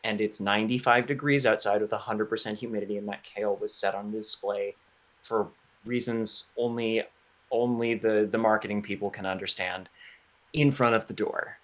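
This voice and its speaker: A man's voice: on the low side, fairly even intonation, normal speed, a bit bright. A man co-hosting a casual podcast chat, telling rambling stories with many restarts. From Florida. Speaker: podcast co-host.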